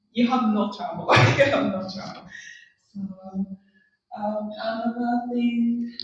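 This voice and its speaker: A woman with a Japanese accent teaching a classroom language lesson, repeating words slowly and laughing often. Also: a little high, a little mellow. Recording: echoey room, distant lo-fi mic.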